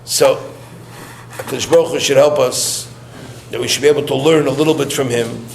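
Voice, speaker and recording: A man's voice: mid-range voice, steady tone, fairly quick, gravelly, darkish tone. Man telling stories in a roomy hall. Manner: chatty storytelling, laughing often; sprinkles Yiddish and Hebrew words. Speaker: eulogy speaker. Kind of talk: eulogy with personal anecdotes. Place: gathering room during mourning visits. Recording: roomy hall with faint noise.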